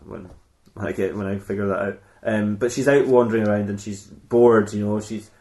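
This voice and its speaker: A man's voice: fairly low pitch, fairly even intonation, fairly quick, dark tone. A man hosting a podcast, improvising a comic story in a rambling, self-mocking way with bursts of laughter. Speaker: podcast host. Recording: roomy echo.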